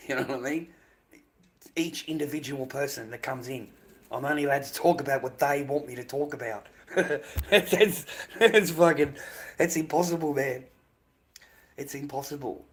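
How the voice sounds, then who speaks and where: A man's voice: medium pitch, steady tone, normal speed, rough recording. An Australian man rambling bluntly on his live stream, profane and dismissive, repeating himself and often dropping to a mutter.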